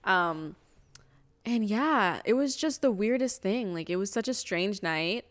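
A woman's voice: mid-range voice, measured pace. Casual swearing young woman telling stories. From Toronto area, Canada. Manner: casual, swears a lot, animated storytelling. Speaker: podcast co-host. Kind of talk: casual storytelling chat.

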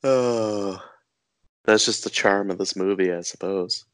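A young man co-hosting a podcast, relaxed and quick to laugh, steering the chat with questions. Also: fairly low pitch, no room sound. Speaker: podcast co-host. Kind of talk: casual movie review chat.

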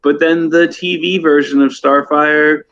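A man's voice: on the high side, steady tone, a little slow, fairly bright tone, muffled recording. A man co-hosting a casual podcast chat, sounding frustrated, with lots of fillers and casual swearing. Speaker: podcast co-host.

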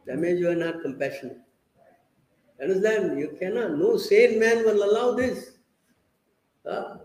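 A man's voice: fairly high pitch, darkish tone, roomy sound, low-quality recording. A man giving a scripture class, emphatic and questioning, often checking that listeners understand. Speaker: preacher.

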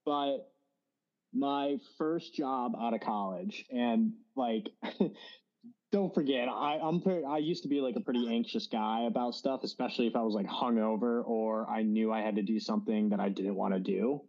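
Man, twenties, casual podcast host, rambling storyteller, middle pitch, lo-fi sound. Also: moderate pace. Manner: rambling storyteller, many fillers. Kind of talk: casual chat.

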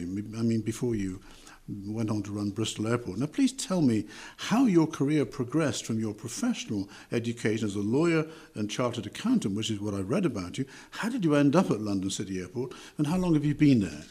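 An older man hosting an interview, speaking in a measured, courteous way from a hotel. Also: mid-range voice, sing-song, mellow, slightly rough. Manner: measured and courteous, with scripted intro. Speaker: podcast interviewer. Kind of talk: hosted interview. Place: hotel room.

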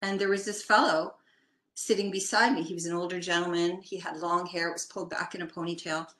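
A woman's voice: lowish voice, fairly even intonation, brisk, fairly bright tone, echoey room. Older Canadian woman telling a story. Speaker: guest. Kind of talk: casual storytelling.

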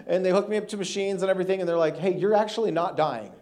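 A guest preacher in his thirties shares a funny personal story during a sermon, delivering it with animation and lots of laughter. His voice is high-pitched and he races along.

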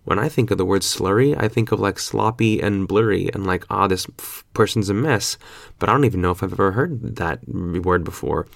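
A young man in his twenties rambling through a casual vlog, loose and slangy with plenty of swearing and fillers. His voice sits low with a gravelly edge. The sound is close and dry, with no room around it. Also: fairly quick, few pauses, dry recording. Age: 20s. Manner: laid-back, slangy and profane, rambling with fillers. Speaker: vlogger.

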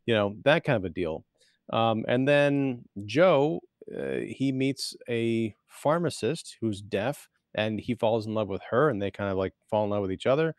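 A man co-hosts a relaxed movie podcast, walking through a plot recap with lots of ums and likes. His voice is mid-pitched and ordinary. It is recorded close and dry. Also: unhurried, no room sound. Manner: rambling plot recap with many fillers. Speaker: podcast co-host. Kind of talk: casual movie-podcast chat.

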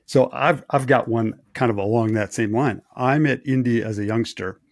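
A man from Wisconsin, a race engineer co-hosting a podcast, telling rambling anecdotes in a relaxed chat. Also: mid-range voice, normal speed, creaky, dry recording, studio quality. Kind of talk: casual storytelling chat.

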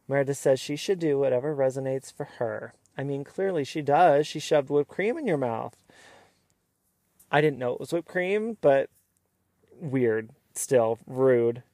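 A man hosting a casual, opinionated recap of a reality show, sometimes mimicking the cast in quick asides. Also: mid-range voice, mellow, no room sound. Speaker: recap host.

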